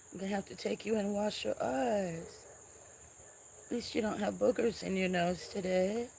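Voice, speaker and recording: A woman hosting a casual farm livestream, softly chatting and cooing baby talk to cats, sometimes dropping to a whisper, on a camera mic. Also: medium pitch, normal speed, vocal fry, a little hiss or hum. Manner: soft-spoken, drifts into whispers.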